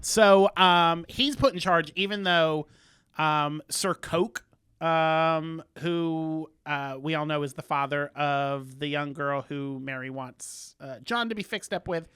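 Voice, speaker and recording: A man's voice: fairly high pitch, slow pace, fairly bright tone, clear, resonant tone, dry recording, clean studio sound. A man co-hosting a casual chat podcast, recapping a show in a chatty, playful way. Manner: chatty, recaps plots with playful quoted voices. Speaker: podcast co-host.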